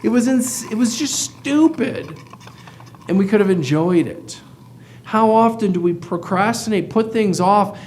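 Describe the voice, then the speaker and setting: High-voiced, earnest male practice coach. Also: a little hiss or hum. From United States. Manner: earnest, emphatic, with rhetorical questions. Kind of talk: motivational talk to camera.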